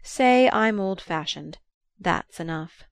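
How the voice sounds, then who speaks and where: A woman playing a quiet, wistful older gentleman, slow and gentle, held back in every word. The voice is dry and close, with nothing of a room behind it. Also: mid-range voice, animated, no echo. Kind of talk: audiobook character voice.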